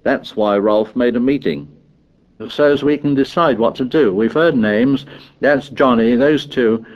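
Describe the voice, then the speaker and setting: A man's voice: mid-range voice, measured pace, lo-fi sound, close to an everyday voice. A man voicing a timid, anxious schoolboy who chatters nervously. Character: timid bespectacled boy, anxious and fussy.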